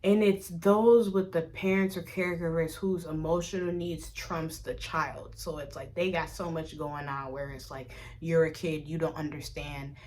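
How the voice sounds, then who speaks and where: A young adult woman from Africa talking candidly in a casual vlog, blunt and profane, jumping from loud outbursts to low mutters. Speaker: vlogger.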